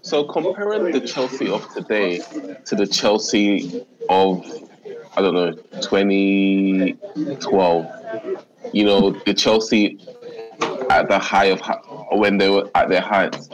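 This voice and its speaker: A man's voice: low voice, slow, lo-fi sound, a crowd in the background. A man on a casual football podcast who asks questions in a hesitant, probing way and stumbles over his wording. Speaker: podcast panelist.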